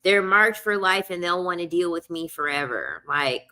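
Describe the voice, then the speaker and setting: A woman's voice: lowish voice, animated, normal speed, bright, forceful tone. A young woman telling a casual storytime rant, blunt and profane, repeating lines for emphasis. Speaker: vlogger.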